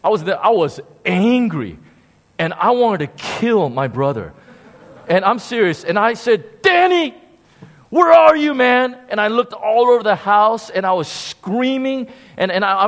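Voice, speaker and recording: A man preaching a sermon, telling a story with animated emphasis and frequent repeated words. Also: high-pitched. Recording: long hall reverb.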